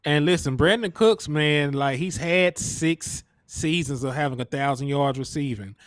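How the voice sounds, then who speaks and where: A man's voice: fairly high pitch, measured pace, dry recording, clean studio sound. A man co-hosting a casual sports talk stream, explaining stats in an easygoing way and thanking viewers for donations. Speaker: sports talk show co-host.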